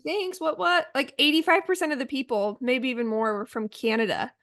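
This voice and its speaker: Upbeat higher-voiced woman co-host. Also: lively intonation, a bit bright, dry recording, studio quality. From Oregon. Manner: chatty, upbeat, quick asides. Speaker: podcast co-host. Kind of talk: casual chat.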